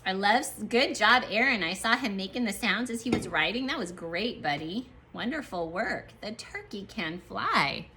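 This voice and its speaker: A woman teacher leading a young class through a writing lesson, sounding out letters slowly and praising the children as they work. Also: mid-range voice, animated, pushed and bright, slight background noise. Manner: slow, drawn-out letter sounds. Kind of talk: early-grade writing lesson.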